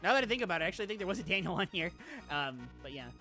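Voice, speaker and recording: A woman VTuber streamer chatting casually on stream, excitable and gushing, laughing often and rambling into asides. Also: fairly low pitch, racing, soft background music. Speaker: VTuber streamer reacting to viewer game lists. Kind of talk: casual live-stream chat.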